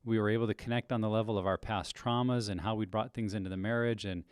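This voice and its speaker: A married man speaking on a podcast in a measured, thoughtful way. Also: fairly low pitch, steady tone, smooth, no echo, studio quality. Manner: measured and thoughtful, with some restarts. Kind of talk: reflective podcast discussion.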